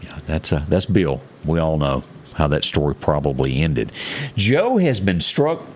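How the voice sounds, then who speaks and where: A man's voice: rumbling low, big pitch swings, a little slow. A man co-hosting a morning show, reading headlines in a folksy, chatty way with asides. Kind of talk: casual news chat.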